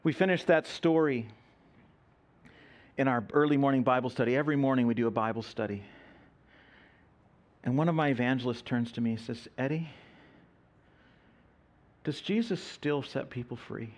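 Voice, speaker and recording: A man's voice: mid-range voice, brisk, pauses often. A man preaching, telling a mission story and acting out the voices of the people in it. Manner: animated storyteller, acts out quoted voices. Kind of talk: sermon storytelling.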